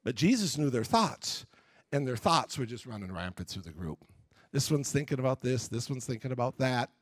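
A man's voice: medium pitch, moderate pace, no room sound. A male pastor preaching a sermon, telling Bible stories animatedly and acting out their scenes. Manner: animated storytelling, acts out scenes.

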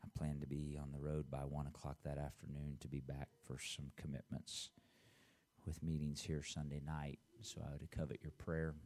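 A man, the pastor, giving church announcements and then preaching a sermon, leading call-and-response and reading scripture aloud slowly. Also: extremely low pitch, little pitch movement, a little mellow. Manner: reads scripture aloud in a slow, drawn-out voice.

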